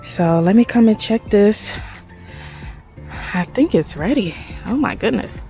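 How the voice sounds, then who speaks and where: A woman chatting excitedly to her viewers as she walks through her backyard garden. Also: medium pitch, measured pace, soft background music, rough recording. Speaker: garden vlogger. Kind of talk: casual garden vlog.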